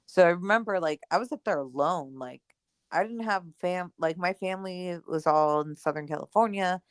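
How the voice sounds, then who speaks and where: Recorded in studio quality without echo, this podcast co-host has a lowish voice and a moderate pace. The young woman animatedly shares a personal story in casual conversation, saying "like" and "right?" constantly and performing the lines she quotes.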